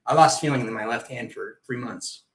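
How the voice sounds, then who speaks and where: A man, an Air Force veteran, telling his story as a podcast guest in an animated, vivid way. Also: mid-range voice, a little fast, low-quality recording. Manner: vivid, animated retelling with acted-out quotes. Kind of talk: personal storytelling in a podcast interview.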